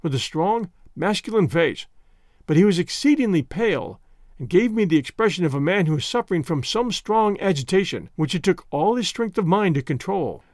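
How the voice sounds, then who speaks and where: A man narrating a classic story as an audiobook reading, measured and expressive. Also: sits high, no room sound, studio quality.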